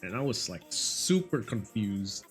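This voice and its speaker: A man's voice: on the low side, big pitch swings. Young man, Vietnamese accent, casual streamer chat, rambling with fillers, faint music underneath. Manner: rambling, halting storytelling with many fillers and restarts.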